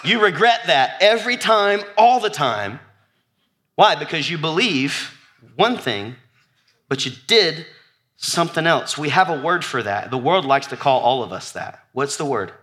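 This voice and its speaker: Um homem pregando um sermão animado a uma congregação, alternando entre listas quase sussurradas e apelos em voz alta à plateia. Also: male voice, on the high side, measured pace. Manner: animated preaching, drops to near-whisper on repeated lists, calls out to congregation. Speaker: pastor. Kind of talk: sermon. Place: church before a congregation.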